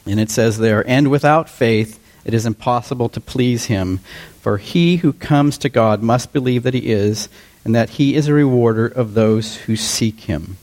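A pastor in his fifties preaches a sermon to his congregation, keeping it relaxed and conversational and often putting questions to them. His voice is medium in pitch and his speed is normal.

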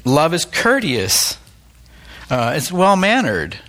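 A man's voice: fairly high pitch, huge pitch swings, slow pace, pushed and bright. A middle-aged man, a pastor, giving a candid, plain-spoken, conversational sermon with self-deprecating asides.

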